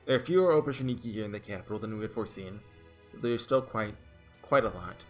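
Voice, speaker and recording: A man doing a formal, precise gentleman detective. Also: on the low side, expressive, faint music behind, lightly acted. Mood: measured. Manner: measured, formal diction.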